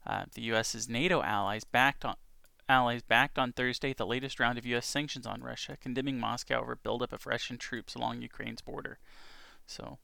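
Chatty man with a gravelly voice. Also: mid-range voice, fairly even intonation, a little fast, pushed and bright, dry recording. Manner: chatty, reads headlines with asides and small laughs. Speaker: podcast news host. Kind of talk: casual news reading and commentary. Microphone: home recording setup.

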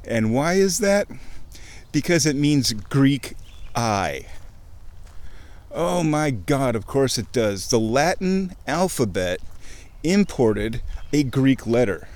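Excitable man rambling on a creek walk. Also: medium pitch, takes it slowly. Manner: excitable, self-interrupting, swears casually. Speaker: vlogger. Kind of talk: rambling casual monologue. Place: outdoors, walking by a creek.

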